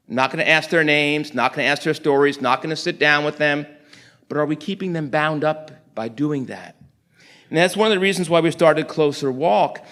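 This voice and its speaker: A middle-aged man from New York City giving a storytelling sermon, acting out conversations in quick animated bursts. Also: fairly high pitch. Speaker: guest preacher.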